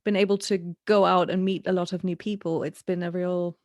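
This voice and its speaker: A woman's voice: lowish voice, flat delivery, a little fast, a little mellow, no echo, muffled recording. A woman hosting a podcast, chatty and upbeat, who laughs often while talking. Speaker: podcast host. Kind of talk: casual podcast chat.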